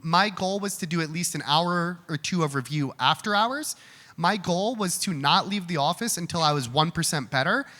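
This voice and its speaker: At a live event hall Q&A, a man responds to audience questions in a candid, conversational way, often restarting what he says. His voice is a little high, expressive, pushed and bright, at normal speed. The recording has hall reverb and faint room noise.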